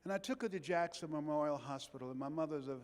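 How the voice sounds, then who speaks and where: Older male motivational speaker, fiery, high-pitched, repetitive build-ups, big echoing convention hall. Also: fast. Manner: impassioned, rhythmic repetition. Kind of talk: motivational keynote speech. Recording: long reverb of a big hall.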